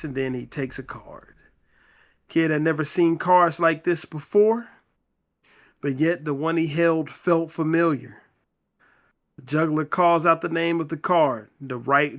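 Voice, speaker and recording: A man with a slightly higher voice takes his time walking listeners through a novel's chapters. He reads the dialogue plainly, without doing voices, and keeps an unhurried, conversational pace. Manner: slow, conversational retelling with quoted dialogue read in plain voice. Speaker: book club podcast host. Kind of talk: reading and retelling a novel in casual chat.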